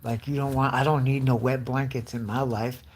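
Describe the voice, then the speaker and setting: A man in his late forties ranting in a casual, profane, rambling way, often breaking into loud mimicked voices. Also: mid-range voice, little pitch movement, moderate pace, a little hiss or hum. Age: 40s. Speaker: live streamer.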